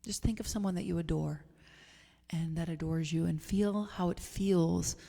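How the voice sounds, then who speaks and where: A woman minister giving a gentle, meditative sermon, soft and unhurried, sometimes sinking toward a whisper. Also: lowish voice, fairly even intonation, gravelly. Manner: soft, slow, gentle, drifting into near whispers. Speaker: spiritual minister. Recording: long hall reverb, faint music.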